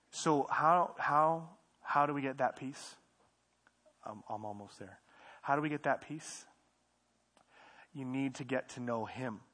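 A young man preaching a casual, conversational sermon in a church service, repeating phrases and moving between quiet asides and louder emphasis. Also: medium pitch. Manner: conversational, repeats himself, swings between soft and loud. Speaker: pastor.

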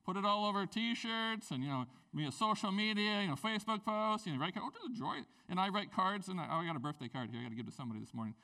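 A man preaching a sermon as a pastor, in a conversational, animated way with playful asides. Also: high voice, fast, hardly any pauses, distant mic.

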